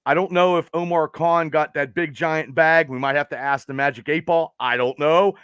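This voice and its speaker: Male guest, relaxed and upbeat fan, somewhat high voice, dry close recording. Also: normal speed, clean tone, no room sound, dull audio. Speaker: podcast guest. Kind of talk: casual chat.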